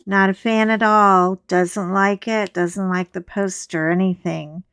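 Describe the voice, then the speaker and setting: A middle-aged woman, hoarse while recovering from laryngitis, chatting casually and rambling with wry humor as she hosts her coloring channel from a chair at home. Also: mid-range voice, fairly even intonation, a little slow, fairly bright tone, no room sound. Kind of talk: casual chat.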